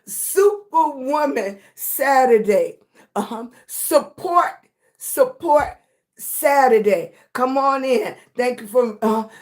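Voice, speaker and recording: A woman hosting a casual livestream chat with viewers. Her voice is slightly raspy, and she talks slowly and affectionately, sometimes short of breath. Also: fairly high pitch. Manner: slow, breathy, affectionate, calls viewers baby. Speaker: livestream host.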